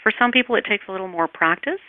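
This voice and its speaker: A woman teaching meditation in an interview, speaking calmly and soothingly, and her voice trails off softly as she guides the breathing. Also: mid-range voice, very fast, no room sound. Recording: tinny phone line, dry.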